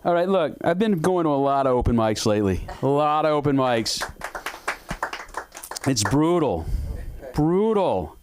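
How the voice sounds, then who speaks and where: A man's voice: a little high, sing-song, a little slow, long pauses, darkish tone, slight background noise. A man doing a stand-up set at an open mic, with an offhand, dry delivery. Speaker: stand-up comic.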